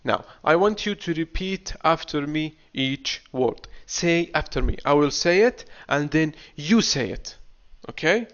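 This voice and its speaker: A man teaching an English class, drilling words slowly and often asking "what?" before answering his own question. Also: a little high, expressive. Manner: slow, deliberate drilling, asks himself "what?" and answers. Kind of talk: classroom lecture. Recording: dull lo-fi recording.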